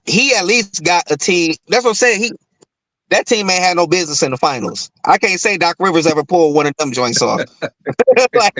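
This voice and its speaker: A man's voice: sits high, fairly bright tone, no echo, rough recording. Rambling man on a dry mic. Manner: rambling, laughs between points, filler-heavy. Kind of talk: casual sports chat.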